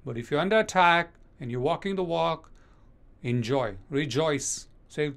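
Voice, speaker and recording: A man preaching a sermon as pastor, speaking emphatically and slowing down to read scripture verses aloud. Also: fairly high pitch, animated, creaky, fairly bright tone.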